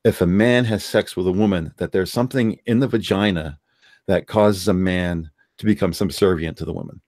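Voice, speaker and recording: A man's voice: low-pitched, moderate pace, darkish tone, no room sound, studio quality. A man hosting a live stream, giving blunt, rambling opinions in casual chat. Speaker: streamer hosting a call-in discussion.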